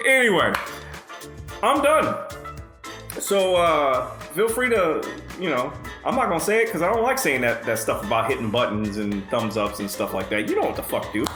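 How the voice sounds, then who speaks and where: A man's voice: medium pitch, very animated, moderate pace, pauses often, fairly bright tone, roomy sound, soft background music. Profane, rambling male storyteller. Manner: laid-back, joking. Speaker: host. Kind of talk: casual storytelling.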